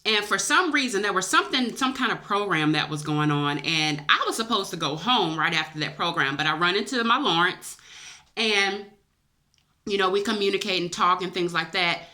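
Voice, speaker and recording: Bright-voiced woman telling a dream story. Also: fairly low pitch, expressive, moderate pace. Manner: emotional, chatty, addresses viewers as y'all. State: teary-eyed. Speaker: vlogger. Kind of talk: personal storytelling to camera.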